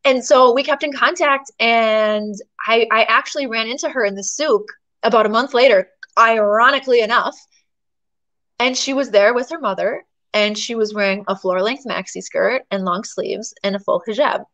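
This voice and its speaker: A woman guest in an interview, telling a story in a chatty, animated way with plenty of fillers. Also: on the high side, moderate pace, poor audio. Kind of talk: storytelling in conversation.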